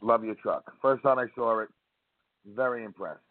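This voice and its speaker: A man phoning in to a chat show, telling a meandering story and dropping the odd swear word. His voice sits at an ordinary middle pitch. The sound is thin and tinny, like a phone line. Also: normal speed, no echo. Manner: rambling storyteller, swears casually. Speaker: guest, food festival organizer. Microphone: phone call.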